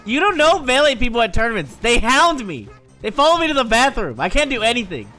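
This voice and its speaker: A man talking casually to his stream audience, telling stories in an animated, profane, joking way. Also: extremely high pitch, a little fast, soft background music.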